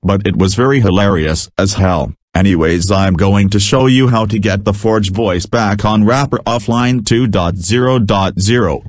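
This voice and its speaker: A man hosting his channel, giving a casual software tutorial in a slow, plain, slightly halting way. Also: lowish voice, dry recording. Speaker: channel host.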